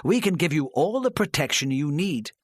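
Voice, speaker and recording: Brief: male reader doing a steady, probing detective, with lively pitch. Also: husky, no echo, studio quality. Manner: calm, measured questioning. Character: patient, probing male police inspector.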